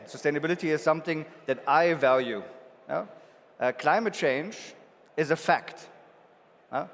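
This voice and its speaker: A man with a German accent speaks from a conference stage, easygoing and joking, with plenty of ums. His voice sits a little high for a man. It rings with a long reverb from a large hall. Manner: casual, joking, many filler ums. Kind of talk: conference talk.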